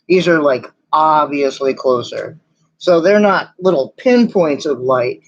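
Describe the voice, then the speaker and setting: A man's voice: on the high side, slow. A man narrating as game master in a casual, rambling way with many fillers. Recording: dull lo-fi recording.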